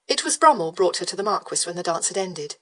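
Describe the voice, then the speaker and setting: A woman's voice: lowish voice, animated, quick pace, sharp tone. Woman reading a romance audiobook. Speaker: audiobook narrator. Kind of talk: scripted narration.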